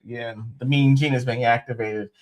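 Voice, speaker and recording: Casting: young man, middle-pitched voice, casual storyteller, lots of restarts. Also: fairly even intonation, moderate pace, a little mellow. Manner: rambling, joking, with many restarts and laughs. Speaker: co-host, expectant father. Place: home livestream.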